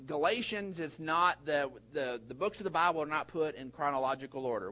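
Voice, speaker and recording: Animated folksy male preacher. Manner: animated preaching with big swings in pitch and loudness; folksy, repeats words and restarts. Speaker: pastor. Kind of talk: sermon.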